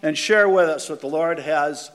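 A man formally introducing the guest preacher to a church congregation, his voice slightly high for a man. He speaks earnestly and gratefully, with frequent halting pauses. The sanctuary adds a long reverb. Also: fairly bright tone. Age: older.

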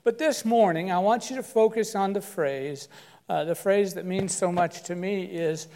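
A man's voice: high voice, normal speed, warm tone. An older man giving a sermon as a guest pastor, folksy and self-deprecating, telling a humorous story before turning to scripture. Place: church sanctuary. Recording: long church reverb.

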